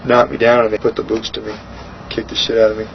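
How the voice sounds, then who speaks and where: A middle-aged man in a shoot interview, telling a story bluntly and profanely, acting out other people's lines in a higher voice. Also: fast talker, gravelly. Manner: animated storytelling, acts out quotes with raised pitch. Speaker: interview guest. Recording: dull lo-fi sound, faint hiss.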